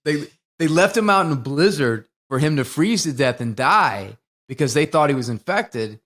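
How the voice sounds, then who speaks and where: A man co-hosting a podcast, talking casually about a film and retelling its scenes in an animated, profane way. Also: on the high side, normal speed. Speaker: podcast co-host.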